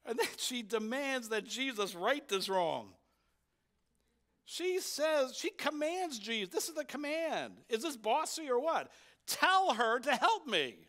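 High-voiced man preaching a sermon. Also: animated, a little slow, fairly bright tone. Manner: emphatic, repeats key points for effect; asks the congregation rhetorical questions. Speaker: pastor. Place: church.

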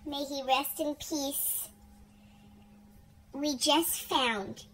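A woman exclaiming excitedly in casual chat, heard from some distance. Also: high voice, extremely slow, slight background noise.

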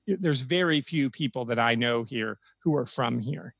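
A man from Florida, a podcast guest, talking at length in animated casual chat. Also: medium pitch, moderate pace, gravelly, no echo. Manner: talkative, animated storytelling.

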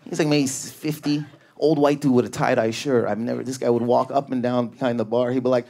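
A young man from Canada doing a high-energy, neurotic stand-up routine on a comedy club stage, acting out characters. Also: quick pace, darkish tone. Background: audience laughing.

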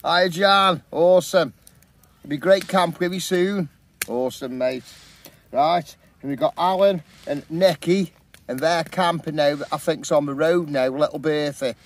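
A middle-aged man chatting in a relaxed, upbeat way as a camping vlogger, talking into a handheld camera outdoors at a campsite. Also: a little high, unhurried. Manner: chatty, upbeat, says "awesome, mate" often. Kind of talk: casual vlog chat.

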